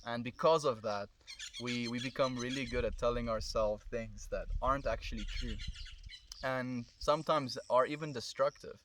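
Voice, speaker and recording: A man's voice: mid-range voice, normal speed, fairly bright tone, slight background noise. Musing South African man outdoors. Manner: musing, loose and thoughtful, drifting between ideas. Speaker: streamer. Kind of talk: casual reflective livestream monologue. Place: outdoors in the country. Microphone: camera mic.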